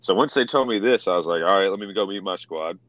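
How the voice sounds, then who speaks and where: Deep-voiced man telling rough war stories. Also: fast, no room sound, highs cut off. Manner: animated, acts out quotes with swearing. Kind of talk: casual storytelling, profane.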